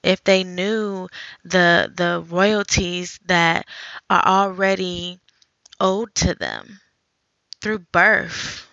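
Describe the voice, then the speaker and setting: A woman hosting a faith podcast, talking earnestly in a conversational way, thinking out loud. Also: on the low side, fairly even intonation, extremely slow, gravelly, no room sound, muffled recording. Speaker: podcast host.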